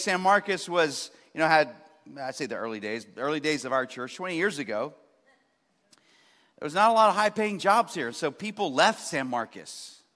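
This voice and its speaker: A man, preaching a sermon as pastor, passionate, with swings from loud emphasis to quiet asides. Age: 40s. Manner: impassioned preaching, rising to loud emphasis then dropping low. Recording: long hall reverb.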